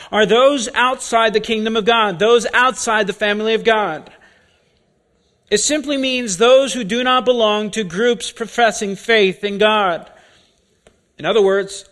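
A man preaching a sermon, deliberate and repeating key words for emphasis. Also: high-pitched, a bit bright.

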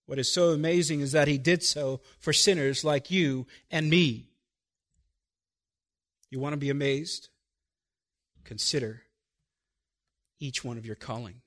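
High-voiced, bright-toned preaching man. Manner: emphatic preaching with rhetorical questions to the congregation; drops to quiet, slow phrases then rises again. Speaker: pastor. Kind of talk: sermon.

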